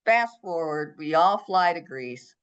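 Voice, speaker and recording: A middle-aged woman with a lowish voice tells a story as a podcast guest, dropping into the voices of the people she quotes. The recording sounds dull and lo-fi. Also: lively intonation, measured pace. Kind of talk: storytelling in an interview.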